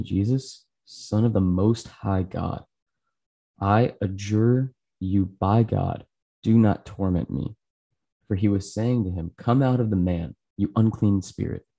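A man hosting a channel, reading a Bible chapter aloud in a steady, earnest way with small slips. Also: fairly low pitch, slightly rough. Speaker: scripture reader, channel host.

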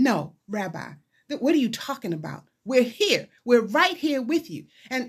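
A woman's voice: mid-range voice, breathy edge. A woman chaplain preaching a sermon, retelling scripture and acting out the voices of the people in it. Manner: retelling scripture with dramatized voices, rising to excited pleas.

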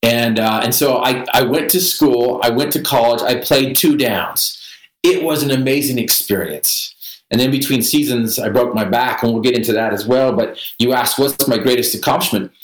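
A man's voice: medium pitch, moderate pace, reverberant, low-quality recording. A man as a podcast guest, telling a vivid personal story with self-deprecating humor.

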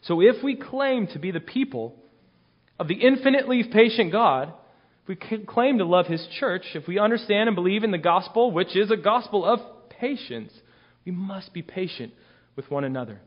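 A man in his thirties delivers a sermon in a somewhat high voice, earnest and emphatic. He leans on repetition and restarts to drive home each point. The recording is dull and lo-fi, with the top end rolled off. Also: animated, moderate pace. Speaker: guest preacher.

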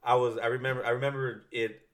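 A man's voice: mid-range voice, little pitch movement, fast talker, a bit bright. A man telling a long story in casual chat, rambling and swearing, with many fillers and restarts.

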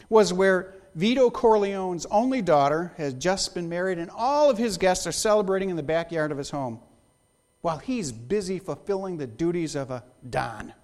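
A male pastor gives a sermon in a voice pitched high for a man. He moves between quiet prayer and lively, joking stories. His delivery is animated and full of wry asides.

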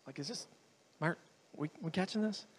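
A man's voice: on the high side, a little fast, noisy background. A man preaching a sermon as a guest speaker in a church, earnest and emphatic, repeating his phrases for weight. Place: church hall with a congregation.

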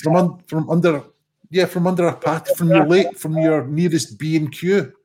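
A man's voice: on the high side, steady tone, normal speed, darkish tone. A man, co-hosting a livestream, chatting casually with jokey, sweary, rambling banter. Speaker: livestream co-host. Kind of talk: casual stream chat.

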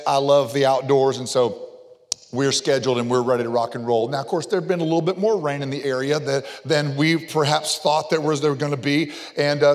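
A middle-aged man, a pastor, telling a family story in a sermon with animated, joking delivery. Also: on the high side. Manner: animated joking storyteller, gets loud on punchlines. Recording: long reverb of a large hall.

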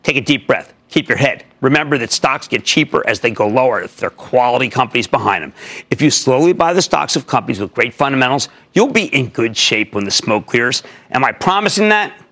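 A male TV market show host giving emphatic, punchy market commentary that swings between loud bursts and low mutters. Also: animated, fairly quick.

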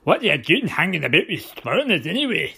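A man's voice: a little high, sing-song, fast, vocal fry, bright, forceful tone, slightly rough, pitched above the performer's own voice, exaggerated voice. A man voicing a huge, surly middle-aged lighthouse keeper with a growling Scottish accent in a storybook reading. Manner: curt, hostile, grumbling. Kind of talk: storybook narration.

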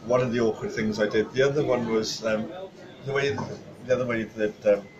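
A man's voice: medium pitch, fairly even intonation, fairly quick, highs cut off, crowd noise. A man, a chef guest on a podcast, telling stories casually with many fillers and restarts. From Wales.

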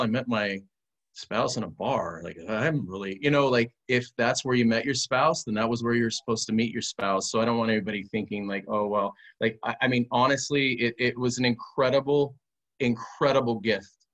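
A man's voice: medium pitch, fairly even intonation, a little fast, a bit bright. A man, a podcast guest, telling an earnest story in casual conversation, bringing it to life with quoted dialogue.

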